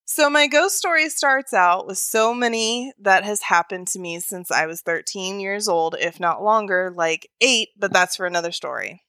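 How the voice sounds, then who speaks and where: Woman, podcast co-host, chatty, joking, bright tone, dry recording. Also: mid-range voice, dry recording. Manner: chatty, joking, quick asides. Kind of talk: casual chat, reading a listener story.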